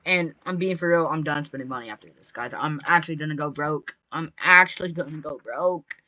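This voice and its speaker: Excitable young gamer yelling to viewers. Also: medium pitch, fairly quick, no room sound. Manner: excitable, addresses viewers constantly, bursts into shrieks when startled; repetitive, chatty, playful slang. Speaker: gaming video creator. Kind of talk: live gameplay commentary.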